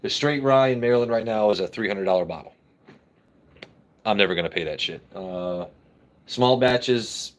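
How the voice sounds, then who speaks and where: A man with a somewhat low voice hosts a casual live stream. He jokes brashly and swears freely as he answers viewers' comments. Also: normal speed, long pauses. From United States. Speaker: livestream host.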